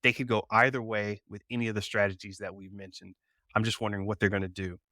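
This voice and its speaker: Bright-voiced male podcast host. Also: fairly low pitch, no room sound. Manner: relaxed, conversational, brings up news topics. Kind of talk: casual pop culture chat.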